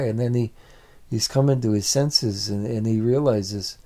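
A man's voice: mid-range voice, moderate pace, mellow. A man telling a family story aloud in a plain, repetitive storytelling way. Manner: repetitive, building phrases. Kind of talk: oral storytelling.

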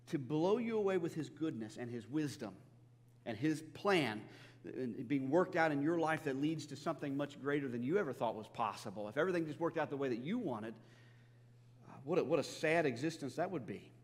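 A man's voice: on the high side, animated, brisk, a little mellow, big-room sound. A man preaching a sermon, in an earnest, conversational style, often restarting his phrases and acting out what people say. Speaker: pastor.

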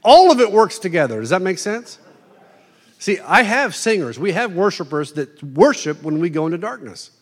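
A middle-aged preacher delivers a conversational sermon, animatedly acting out quick quoted voices in asides. His voice is fairly high for a man, and long reverb trails off the walls of a large hall.

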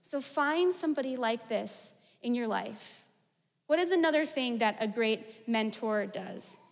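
A woman in her thirties giving a sermon, animated and conversational, telling stories with casual asides. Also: sits high. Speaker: preacher. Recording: long hall reverb.

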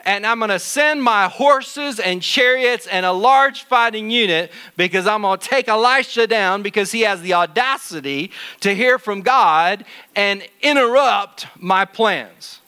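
A man's voice: high-pitched, animated, a little slow, pushed and bright, clean tone, heavily acted. A man voicing an angry, scheming king who speaks indignantly. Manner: indignant, blustering.

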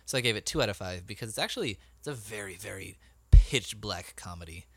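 A man co-hosts a casual film review podcast with a bright, forward voice. He jokes and makes puns as he gives his ratings. The sound is dry and close. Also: on the low side, lively intonation, dry recording. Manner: joking, punning, quick to laugh. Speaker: podcast co-host. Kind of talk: casual movie review chat.

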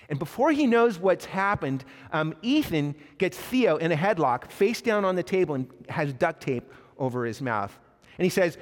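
Guy pastor preaching, kinda high voice, super animated, big echoey church hall. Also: moderate pace. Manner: lively storytelling, acts out quoted dialogue. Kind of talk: sermon. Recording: long reverb of a large hall.

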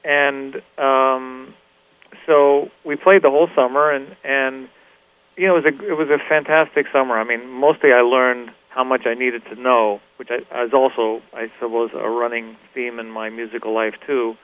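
Male musician guest, thoughtful and halting, mid pitch, thin phone-band radio audio. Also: steady tone. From Los Angeles. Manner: halting, many restarts and "you know". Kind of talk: reflective interview talk. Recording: tinny phone-like radio recording.

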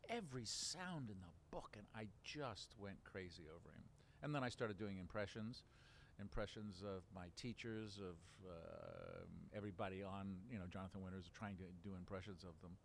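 Older deep-voiced man reminiscing. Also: normal speed, hardly any pauses, slight background noise. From Baltimore. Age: 70s. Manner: rambling, many restarts and fillers, laughs while telling. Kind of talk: relaxed reminiscing interview.

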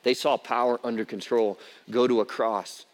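A male pastor delivers a sermon in an easy, conversational storytelling voice that swells into emphatic peaks. His pitch sits in an ordinary middle register. The sound carries a long reverb from a church hall. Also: steady tone, normal speed.

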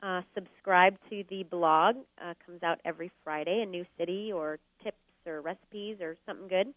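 A woman's voice: on the low side, steady tone, normal speed, no echo. A woman calling in as a guest, chatting casually and thinking aloud with many ums and uhs. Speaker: guest on the phone. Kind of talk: casual interview chat. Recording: tinny phone line.

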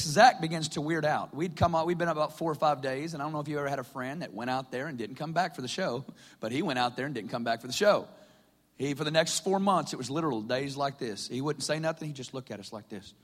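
Preaching from a stage in a hall, a man shares his testimony in a chatty storytelling way, laughing often as he goes. His voice is a little high with a fairly bright tone, and the sound carries a big-room quality.

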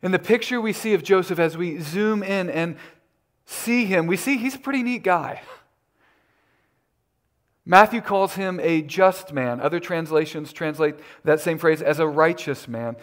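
A man preaching a sermon as pastor, deliberate and emphatic, his voice lifting when he makes a point. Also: a little high.

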